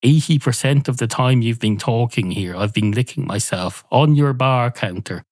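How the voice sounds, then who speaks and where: Guy putting on a dry, deadpan talking cat, asks odd questions, close dry sound. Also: medium pitch, normal speed, dry recording, lightly acted. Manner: deadpan, quizzical.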